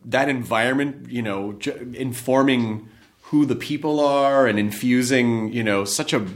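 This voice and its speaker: A man hosting an interview, chatting in a playful, animated way with quick asides. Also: medium pitch. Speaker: interview host. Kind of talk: casual interview chat.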